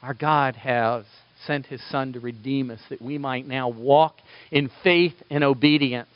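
A man preaching a sermon as pastor, animated and acting out quoted voices. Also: mid-range voice, a little slow, dry recording, muffled recording.

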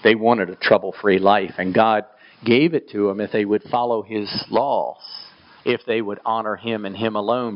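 A man preaching a sermon, reading scripture aloud and pushing his voice up for emphasis. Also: highs cut off. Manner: emphatic, rising to high pitch on quoted scripture. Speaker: pastor.

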